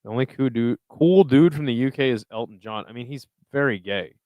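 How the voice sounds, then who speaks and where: Smooth-voiced young man chatting loosely. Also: mid-range voice, a little fast, no echo, muffled recording. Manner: loose, profane, rambling. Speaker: livestream host reading chat. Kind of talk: casual live chat.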